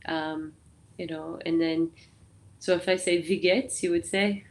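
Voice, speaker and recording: A woman from Canada chatting casually as a podcast guest, telling stories in a lively way. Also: lowish voice, a little slow. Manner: chatty, animated storyteller. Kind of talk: casual chat.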